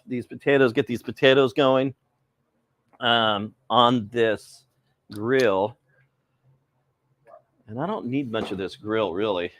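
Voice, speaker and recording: A middle-aged man runs a live cooking stream in a loose, rambling chat, calling out viewers by name between steps. He sounds a little cold. His voice sits at an ordinary pitch and is recorded dry and close, with no room echo. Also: fairly bright tone.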